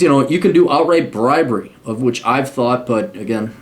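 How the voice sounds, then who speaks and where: A man's voice: medium pitch, lively intonation, fairly quick. A middle-aged man hosting an advice podcast, talking bluntly and sarcastically and acting out mock quotes. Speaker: podcast host giving advice. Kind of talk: casual advice monologue.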